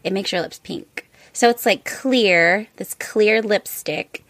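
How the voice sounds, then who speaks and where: A woman's voice: mid-range voice, takes it slowly, a bit bright. A woman co-hosting a casual chat show, telling stories at an easy pace, often laughing and trailing off into fillers. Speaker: podcast co-host.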